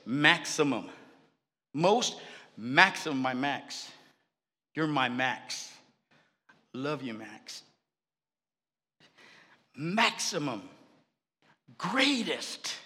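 A man's voice: a little high, big pitch swings, extremely slow, pauses often, pushed and bright, long reverb tail. A man preaching a sermon as pastor, building with fervor and repeated phrases. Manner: preaching with rising fervor and repetition.

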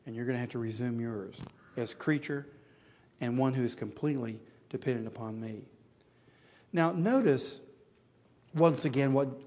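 A man preaching a sermon, swinging from loud, rising rhetorical questions to quiet, hushed passages. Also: mid-range voice.

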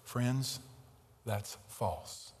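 A man preaching a sermon, telling a story and growing loud and animated in tense moments. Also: medium pitch, very slow, in a large hall. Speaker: pastor. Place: large tent.

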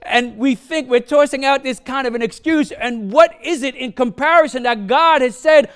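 Male pastor, high voice, accented English, punchy sermon delivery with call-outs to the room. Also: normal speed, hardly any pauses, a bit bright, clean tone. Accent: non-native English accent. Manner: punchy, repeats questions to the congregation, frequent "huh?". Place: church sanctuary.

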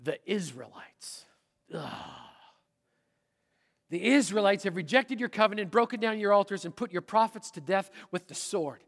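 High-voiced pastor preaching in a reverberant hall. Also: male voice, animated, fairly quick, hardly any pauses. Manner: dramatic, voices inner thoughts aloud, swings from loud to hushed. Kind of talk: sermon.

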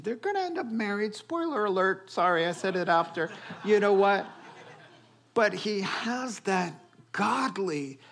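A man preaching a sermon, telling stories and acting out quoted voices in an animated way. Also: high-pitched. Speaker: pastor.

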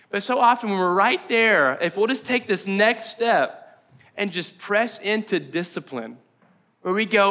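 A man's voice: high voice, expressive, a little slow, bright, forceful tone. A man preaching a casual, joking sermon to his church, talking conversationally and laughing often. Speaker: pastor.

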